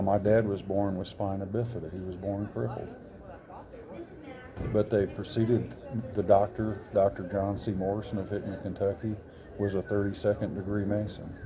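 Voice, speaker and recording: A man's voice: lowish voice, steady tone, moderate pace, background noise. Earnest older man telling a long story. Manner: earnest, rambling, with self-corrections. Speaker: interview guest, author. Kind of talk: personal storytelling. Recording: crowd chatter behind.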